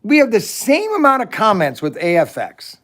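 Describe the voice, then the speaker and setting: A man's voice: sits high, huge pitch swings, normal speed, fairly bright tone. A middle-aged man hosting a casual livestream from a shed, rambling as he answers viewers' comments. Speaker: livestream host.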